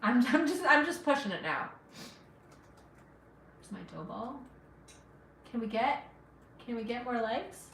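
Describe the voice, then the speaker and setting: A middle-aged woman from Afghanistan with no accent chats encouragingly to livestream viewers while cooking in her home kitchen, sniffling a little from allergies. Her fairly high voice is sing-song, unhurried, creaky, and slightly bright, with long pauses. The sound is reverberant and distant, with slight background noise.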